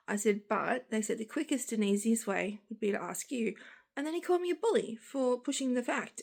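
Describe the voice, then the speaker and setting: A woman's voice: on the high side, fairly quick, gravelly, darkish tone. A young Australian woman chatting frankly in a vlog, tired and groggy, rambling in long run-on sentences. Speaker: vlogger. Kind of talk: casual chat.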